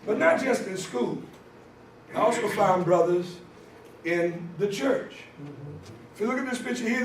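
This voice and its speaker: A man telling a story as a conference speaker, sermon style, animated and often shouting for emphasis. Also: high voice, a little hiss or hum. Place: church conference hall. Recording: echoey hall from far off.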